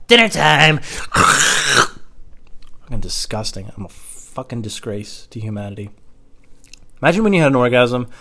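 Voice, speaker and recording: A young man doing a rambling, crude, self-mocking comedy monologue at home, jumping into silly high voices. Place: home room.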